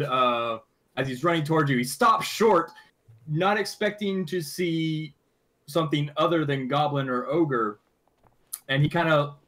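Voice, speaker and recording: A man runs a tabletop game as game master and narrates the scene. His voice sits a bit high for a man. He stops and restarts often, filling the gaps with fillers. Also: a bit bright. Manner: halting, many fillers and restarts while recapping.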